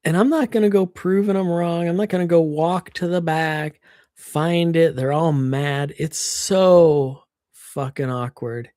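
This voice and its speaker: A woman livestreams from her computer, chatting casually and venting with frank complaints and plenty of swearing. Her warm, mellow voice sits low and moves at a measured pace. The computer mic captures it dry and close, with no echo.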